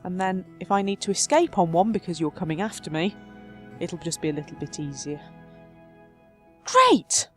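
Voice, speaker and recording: A woman hosts a let's play, talking through her game in a chatty, self-mocking way. Her voice sits at a middle pitch and jumps up and down as she goes. Faint game music plays underneath. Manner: chatty and self-mocking, jumping between high and low. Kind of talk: casual gameplay commentary.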